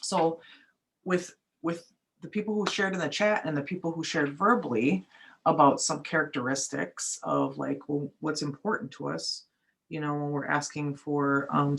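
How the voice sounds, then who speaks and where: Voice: medium pitch, fairly bright tone. A facilitator leading an online training session, casual and friendly, thanking each speaker. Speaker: workshop facilitator. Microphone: video call.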